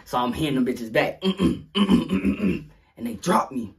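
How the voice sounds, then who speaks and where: Young man, storytime vlog, husky voice, lively swooping pitch, slightly high. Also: slow. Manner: animated storytelling, acts out sounds and quotes. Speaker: vlogger.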